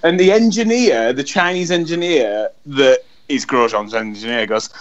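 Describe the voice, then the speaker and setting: A man co-hosting a casual podcast, talking in an animated, sweary way and acting out quotes as he tells stories. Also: mid-range voice, normal speed, few pauses. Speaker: podcast co-host. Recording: dull lo-fi audio.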